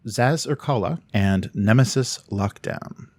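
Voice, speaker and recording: A man with a fairly low voice co-hosts a casual podcast about tabletop games. He sounds relaxed, laughs easily and often trails off mid-thought. The recording is dry and close. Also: a little slow, dry recording. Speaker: podcast co-host.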